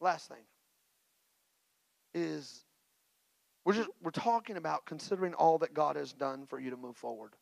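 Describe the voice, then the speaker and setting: A male pastor, preaching a sermon with a personal story and energetic call-and-response exhortations. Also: fairly high pitch, normal speed, vocal fry, pauses often, no room sound, low-quality recording. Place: church.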